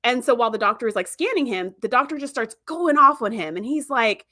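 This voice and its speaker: A woman with a slightly raised pitch talks through a TV episode as a podcast host. Her delivery is loose and chatty, and she keeps stringing thoughts together with "like" and "you know". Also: expressive, brisk, pushed and bright. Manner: chatty, filler-heavy storytelling with many "like"s. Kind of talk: casual recap of a TV episode.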